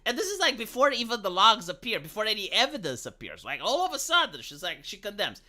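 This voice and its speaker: A man's voice: high voice, wildly swooping pitch, fast, bright, forceful tone. A man in casual live-stream chat, talking animatedly and dropping into mocking impressions.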